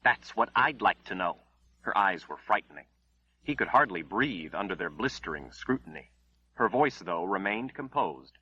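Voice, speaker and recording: Casting: male audiobook narrator, low, husky, bright-edged, dull lo-fi recording. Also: animated. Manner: measured, dramatic storytelling. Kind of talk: scripted dramatic narration.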